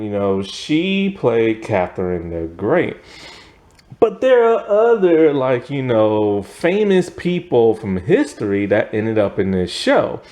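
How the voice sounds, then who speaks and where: Animated, unhurried man rambling through a review. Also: medium pitch. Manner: rambling and animated, heavy on fillers, laughs often. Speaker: TV series reviewer. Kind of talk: casual spoken video review.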